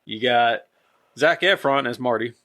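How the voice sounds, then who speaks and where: A man's voice: medium pitch, unhurried, a bit bright. A man hosting a casual podcast chat, rambling and losing track of names as he talks. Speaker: podcast host.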